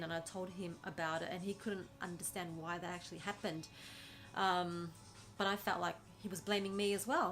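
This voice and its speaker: Woman vlogger, mid-pitched, casual confessional storytelling, rambling, faint music bed. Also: fairly bright tone. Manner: rambling, many fillers and restarts. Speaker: lifestyle vlogger.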